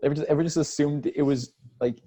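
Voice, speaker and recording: A man's voice: a little high, fairly even intonation, fast talker, mellow. A young man co-hosting a podcast in casual chat, rambling with many repeats and fillers. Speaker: podcast co-host.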